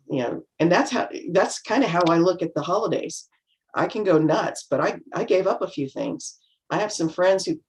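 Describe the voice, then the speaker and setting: A middle-aged woman on a video call, chatting reflectively as a panel guest and acting out remarks in lively voices. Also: fairly low pitch. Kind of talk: casual chat.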